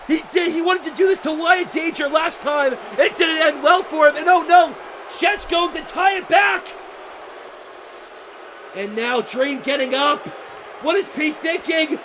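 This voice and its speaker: Young male wrestling commentator, frantic shouty play-by-play, noisy venue. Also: very high voice, measured pace. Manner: frantic, shouting, disbelieving outbursts. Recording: loud crowd and noisy venue. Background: cheering crowd.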